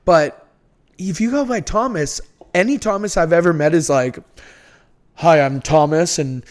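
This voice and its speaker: A man with a Boston accent, a podcast guest telling stories in an animated, laughing way. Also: high-pitched, moderate pace. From North Shore of Massachusetts. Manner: animated storyteller, laughs easily. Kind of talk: casual chat.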